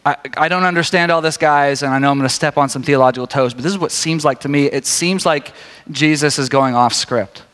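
Male preacher with a bright, sharp tone, talking casually and joking with the crowd, recorded in a reverberant hall. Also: a little high, brisk. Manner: conversational, animated, jokey asides. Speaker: pastor. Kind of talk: sermon.

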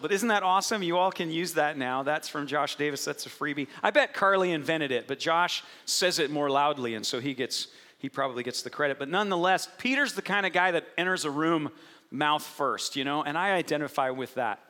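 A man preaching an Easter sermon to a congregation, animated and playful, telling the story with lively acted-out quotes. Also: on the high side, brisk. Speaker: pastor. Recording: echoey hall with long reverb.

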